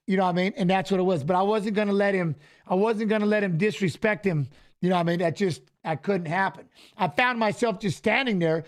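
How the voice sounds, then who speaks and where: A middle-aged man co-hosting a live fight watch-along, telling stories casually and acting out the dialogue he quotes. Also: high-pitched. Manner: animated, acts out quoted dialogue, repeats "I go". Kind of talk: casual storytelling on a live stream.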